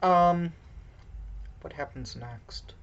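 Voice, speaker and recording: A woman casually recapping a movie plot, halting with many fillers and self-deprecating asides, heard on a dull lo-fi recording. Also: sits low.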